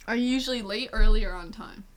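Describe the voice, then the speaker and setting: A woman's voice: a little high, quick pace, a bit bright. A woman chatting casually and giggling often. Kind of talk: casual chat.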